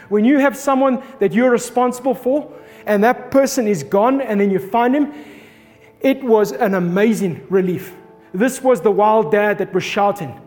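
High-voiced man preaching in a reverberant hall. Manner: animated storytelling, acting out his own shouts. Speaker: pastor. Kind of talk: sermon with a personal story. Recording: long reverb of a hall, faint music behind.

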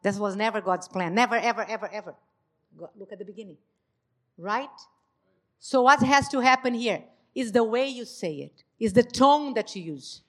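A woman whose first language is Portuguese, giving a church talk on marriage and acting out dialogue with lively emphasis. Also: a little high, normal speed. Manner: animated, acts out quoted dialogue. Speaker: marriage ministry speaker.

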